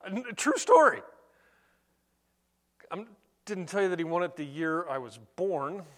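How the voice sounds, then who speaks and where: A middle-aged man preaching a sermon, conversational and animated, telling stories between scripture readings. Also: sits high, unhurried. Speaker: pastor.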